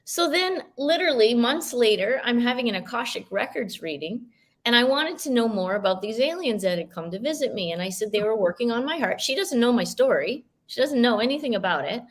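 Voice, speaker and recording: A woman's voice: a little high, expressive, brisk. A woman life coach and author as an interview guest, telling a story animatedly and acting out the dialogue. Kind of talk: casual interview chat.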